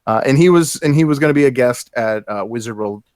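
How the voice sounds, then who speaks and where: A man hosting a casual show, talking in a halting, filler-heavy, upbeat way. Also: medium pitch, darkish tone, no echo, clean studio sound. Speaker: host. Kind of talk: casual chat.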